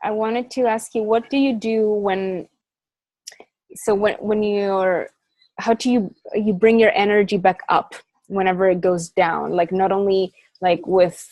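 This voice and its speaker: A woman's voice: medium pitch, fairly even intonation, unhurried, dry recording, poor audio. Affirming woman host, dry sound. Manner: warm, affirming, hesitant phrasing. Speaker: interview host. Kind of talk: casual interview chat.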